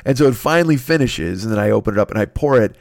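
A man hosting a podcast, telling a rambling, profane story in a casual, animated way. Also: fairly low pitch, very fast, no echo, clean studio sound. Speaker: podcast host.

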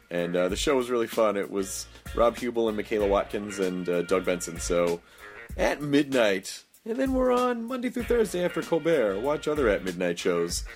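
A man hosting a podcast in casual chat, rambling with many fillers and frequent laughs. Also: sits low. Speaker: podcast host.

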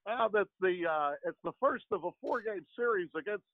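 A man's voice: high voice, animated, brisk, no room sound, narrow, tinny audio, voice pushed up. A man doing a drawling old baseball announcer. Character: boozy older male baseball announcer impression.

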